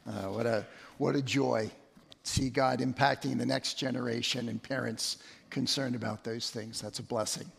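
A man's voice: medium pitch, fairly even intonation, moderate pace, creaky, fairly bright tone, slightly rough. A middle-aged man preaching a sermon as pastor, conversational, often repeating words and telling stories. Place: church sanctuary. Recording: long hall reverb.

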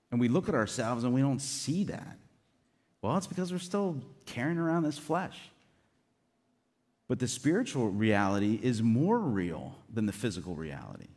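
A man's voice: mid-range voice, darkish tone. Man preaching in a reverberant hall. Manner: earnest, conversational preaching with asides. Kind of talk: sermon.

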